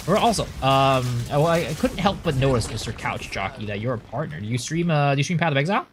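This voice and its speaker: A young man streaming games, chatting casually and telling long rambling stories full of fillers, getting loud and exasperated when he rants. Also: mid-range voice, animated, fast talker, hardly any pauses, over music. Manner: rambling anecdotal storytelling with many fillers. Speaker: game streamer. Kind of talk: casual live-stream chat.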